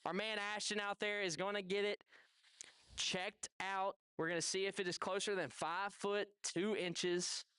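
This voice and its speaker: A man's voice: high-pitched, level tone, unhurried, sharp tone, clean tone, no echo. A man with a Southern US accent hosting a live golf competition, giving chatty play-by-play and chatting with contestants. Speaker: event host. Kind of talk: live event commentary. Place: outdoor golf event.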